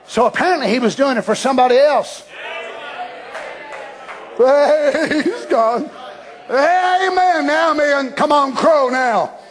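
A man preaching a fervent sermon, dropping to hushed asides and then rising to shouted declarations. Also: extremely high pitch, slow, pauses often, a faint crowd. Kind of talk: Pentecostal-style sermon.

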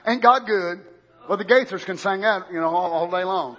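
A man preaching a sermon, swinging from low murmurs to loud shouted lines. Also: moderate pace, husky, muffled recording.

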